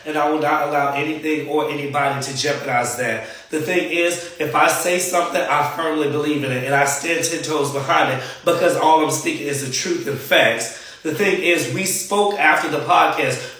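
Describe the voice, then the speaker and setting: A man's voice: on the high side, a bit bright. A man speaking firmly and defiantly as he calls someone out directly to camera. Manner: firm, defiant, indignant. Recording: clip played back, far and echoey.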